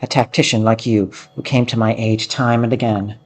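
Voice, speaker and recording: A man's voice: on the low side, level tone, normal speed, faint music behind, lightly acted. A man voicing an earnest young female noble swordswoman of the plains, reading game dialogue aloud in a heartfelt, eager manner. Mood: earnest, surprised.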